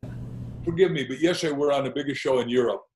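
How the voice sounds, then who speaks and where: A man's voice: medium pitch, fast talker, soft background music. Guy guesting on a podcast, telling punchy stories, kinda echoey room. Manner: animated anecdotes with punchlines. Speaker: guest author. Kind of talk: storytelling interview talk. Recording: roomy echo.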